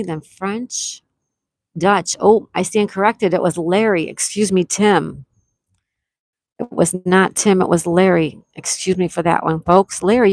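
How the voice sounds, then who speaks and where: A woman hosts a relaxed live-stream trivia game, greeting her viewers by name and reading their answers aloud. Her voice sits a little low, and she drags out each question slowly to give everyone time. The sound is close and dry, with no room around it. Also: no echo. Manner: chatty, reads chat aloud, repeats questions slowly. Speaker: livestream trivia host.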